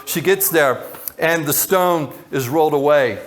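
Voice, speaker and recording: A man's voice: a little high, unhurried. A man who is a pastor, preaching a sermon in a loose, conversational way with tangents and repeated words.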